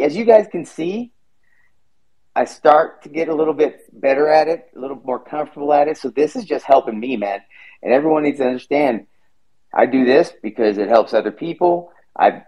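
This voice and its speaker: A man with a mid-range voice hosts a podcast, chatting casually, rambling and swearing freely. The recording sounds muffled.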